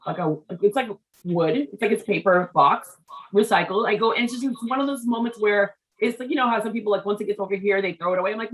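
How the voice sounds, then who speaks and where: A woman's voice: medium pitch, fast, poor audio. A woman hosting a business interview show, chatting casually and telling family stories with many asides and restarts. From Haitian family background. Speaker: show host.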